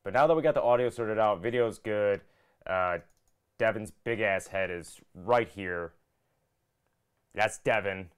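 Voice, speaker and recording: A young man with a low, smooth voice hosts a casual live-stream podcast. He chats loosely and jokes, sounding a little flustered as he deals with technical trouble. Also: unhurried, pauses often. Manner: jokey, flustered while fixing audio trouble. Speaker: podcast host.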